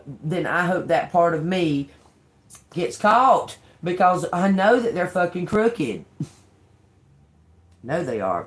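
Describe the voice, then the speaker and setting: Older woman, tarot streamer, salty mouth, frequent laughs, straight-talking. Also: sits low. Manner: blunt and profane, with frequent laughs. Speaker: tarot reader. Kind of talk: live tarot reading stream.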